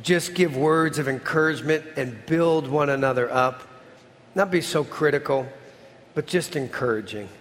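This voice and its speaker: Earnest preacher with a slightly high voice in a reverberant hall. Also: male voice, moderate pace. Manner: earnest preaching, drops to a soft voice at the ends of lines. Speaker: pastor. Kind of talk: sermon with closing prayer.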